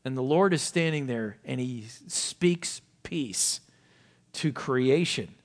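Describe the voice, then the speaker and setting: A male pastor preaching a sermon, asking rhetorical questions and swinging from loud emphasis down to hushed, low asides. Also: expressive, takes it slowly. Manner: asks many rhetorical questions.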